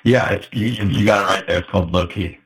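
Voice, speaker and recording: A man's voice: fairly low pitch, a little fast, slightly rough. A man as the podcast's guest entrepreneur, answering briefly and in a friendly way. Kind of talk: interview answers.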